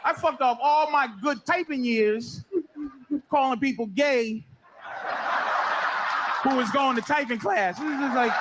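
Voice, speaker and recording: A man with a strikingly high voice works a comedy crowd, telling loud, profane stories at his own expense. The live recording carries a clear layer of noise, with laughter from the audience. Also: slow pace, pauses often. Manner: loud, profane, self-mocking storytelling. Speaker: stand-up comedian. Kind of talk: stand-up comedy set.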